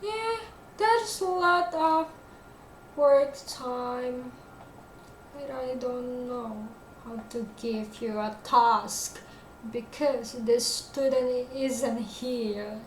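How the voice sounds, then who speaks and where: A high-pitched woman with an Indonesian accent explains an English lesson at a very slow pace, often stopping to search for words and repeating her examples. The sound is roomy and echoey, with a faint hiss of noise underneath. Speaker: English teacher.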